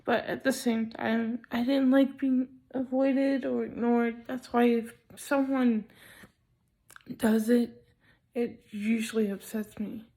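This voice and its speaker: A young woman speaks to her camera in a casual vlog, sounding drowsy and not quite awake. Her voice sits a little high, and she talks slowly and hesitantly, filling pauses with ums as she gathers her thoughts. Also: level tone, warm tone. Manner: slow, hesitant, many ums. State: sleepy, not fully awake. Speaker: vlogger. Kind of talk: casual personal vlog talk.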